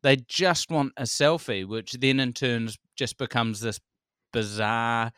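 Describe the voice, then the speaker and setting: Smooth-voiced Kiwi comedian in his forties. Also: medium pitch, slow pace, dry recording, studio quality. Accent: New Zealand. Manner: animated storyteller, acts out quotes, laughs often. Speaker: comedian guest. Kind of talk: casual podcast chat.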